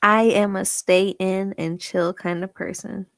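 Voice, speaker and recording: A woman's voice: mid-range voice, flat delivery, unhurried, fairly bright tone, no room sound, studio quality. A woman on a dating show, answering bluntly and frankly in casual chat.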